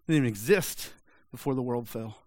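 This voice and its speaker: A man's voice: medium pitch, fairly quick, a little mellow, dry recording. A man preaching a sermon, pressing his listeners with repeated rhetorical questions in a direct, urgent manner. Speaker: pastor.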